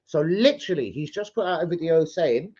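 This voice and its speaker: A man hosts a football live stream, ranting and rambling with heavy swearing and street slang. His voice runs fairly high, and the stream audio sounds dull and lo-fi. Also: animated, fairly quick, warm tone. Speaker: football channel host. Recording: lo-fi livestream audio.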